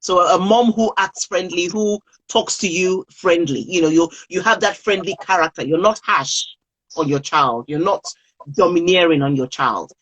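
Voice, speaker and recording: A woman's voice: on the low side, moderate pace, a bit bright, muffled recording. A woman coaching parents on a live video call, speaking earnestly and repeating key phrases for emphasis.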